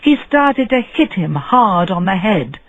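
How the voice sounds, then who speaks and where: A man telling a story in slow, deliberate audiobook narration for English learners. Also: high voice, very animated, a bit bright, dry recording, highs cut off. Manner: clear, deliberate phrasing.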